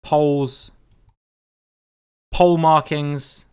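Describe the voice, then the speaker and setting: A man's voice: a little high, steady tone, drawn-out words, darkish tone, clear, resonant tone. A man giving chatty, playful live-stream commentary while playing a guessing game with his viewers, greeting them by name and swearing casually.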